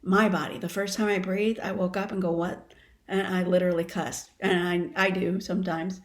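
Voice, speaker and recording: A woman in her fifties, a wellness coach, telling her story in an animated, expressive way during a casual interview. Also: fairly low pitch, normal speed.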